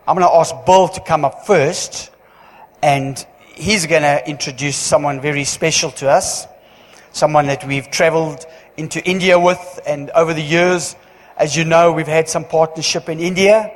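Chatty pastor in a hall. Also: male voice, on the high side, steady tone. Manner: chatty, joking, halting restarts. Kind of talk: church notices. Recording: long hall reverb.

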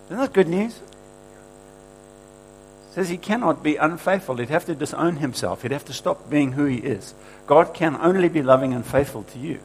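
A man's voice: on the high side, lively intonation, moderate pace, a little hiss or hum, poor audio. A man preaching a sermon, emphatic and repetitive, quoting scripture with rising force and asking the room for agreement.

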